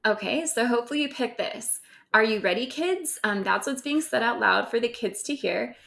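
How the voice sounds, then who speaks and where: A woman's voice: a little high, fairly quick, vocal fry, a bit bright. A woman teacher recording a grammar lesson over slides, explaining step by step and often checking in with "right?".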